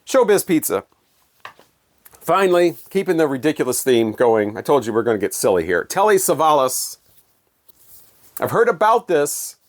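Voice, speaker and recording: A man's voice: on the high side, big pitch swings, normal speed. A man chatting casually about records in his collection, with wry, sarcastic, rambling commentary. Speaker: vinyl record collector vlogger. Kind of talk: casual chat.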